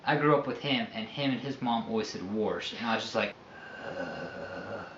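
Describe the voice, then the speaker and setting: A man from New Mexico chatting casually, blunt and irritable, and quick to swear. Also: medium pitch, a bit bright, echoey room, highs cut off, a little hiss or hum. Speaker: vlogger's boyfriend. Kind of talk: casual chat.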